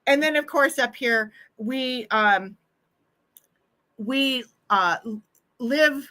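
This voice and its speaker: A woman's voice: a little high, drawn-out words, bright, forceful tone. A middle-aged woman with a Pacific Northwest American accent, hosting a livestream in chatty, casual talk and laughing often. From Washington State, USA. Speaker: livestream host. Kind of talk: casual chat.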